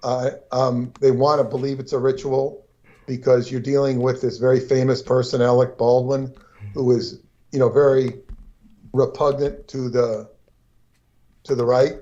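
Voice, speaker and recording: A man's voice: medium pitch, level tone, a little slow, dark tone, muffled recording. A man co-hosting a casual livestream conversation, rambling along with frequent restarts and asides. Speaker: co-host.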